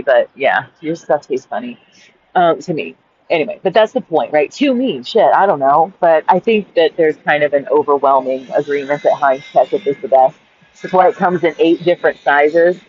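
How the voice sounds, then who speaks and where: A woman recording a casual journal-style rant in her car by a busy street, exasperated and swearing, often asking "right?". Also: on the low side. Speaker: vlogger. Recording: dull lo-fi sound.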